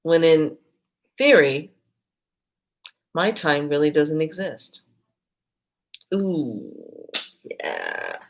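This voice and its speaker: A woman with a low voice talks slowly and reflectively in a casual spiritual vlog. She tells a personal story and breaks into lively quoted bursts. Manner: storytelling, quoting herself and others in lively bursts. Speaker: spiritual vlogger. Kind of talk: casual spiritual talk to camera.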